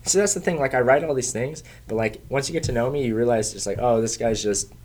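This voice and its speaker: A man's voice: medium pitch, quick pace, darkish tone. A young man and stand-up comic, chatting casually and rambling with lots of "like"s and restarts. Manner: rambling, many "like"s and restarts, swears. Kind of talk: casual chat.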